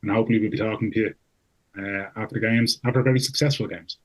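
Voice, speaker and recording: A man's voice: lowish voice, steady tone, quick pace, rough recording. A man co-hosting a podcast, loose and jokey, peppering his talk with "like". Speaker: podcast co-host. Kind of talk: casual podcast chat.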